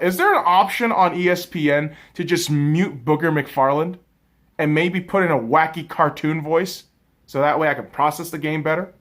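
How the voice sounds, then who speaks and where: Brief: young male fan-podcast host, slightly higher voice, profane heated rants that drop to mutters. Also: normal speed. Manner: profane, heated ranting with big swings in loudness. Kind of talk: casual fan commentary.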